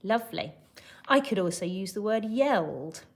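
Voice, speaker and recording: Lively, expressive woman teaching young children. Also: medium pitch, normal speed. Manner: expressive, acts out shouting, whispering and gasping to show words; encouraging, patient teacher talk. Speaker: primary school teacher. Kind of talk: recorded online lesson for young children.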